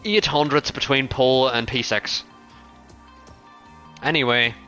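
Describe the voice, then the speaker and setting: A man live-streaming a racing game, talking to his chat, excitable and foul-mouthed, swinging from yelling to muttering. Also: mid-range voice, measured pace, faint music behind. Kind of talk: live gaming commentary to chat.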